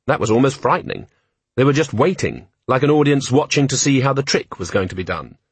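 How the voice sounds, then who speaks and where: A male audiobook narrator with a husky voice and lively, wide-ranging pitch. He tells the story with a wry, expressive touch, and the recording sounds close and dry. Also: no echo.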